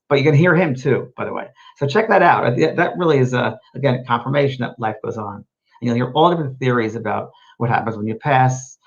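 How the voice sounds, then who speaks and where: A man hosting a live show as a medium, answering viewer questions in a gentle, rambling, reassuring way. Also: medium pitch, vocal fry, dull audio. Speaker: host and medium.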